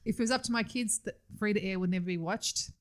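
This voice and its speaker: A woman's voice: medium pitch, fast. A middle-aged woman with an Australian accent, co-hosting a casual podcast chat and laughing often. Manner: laughs often, chatty and enthusiastic. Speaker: podcast co-host.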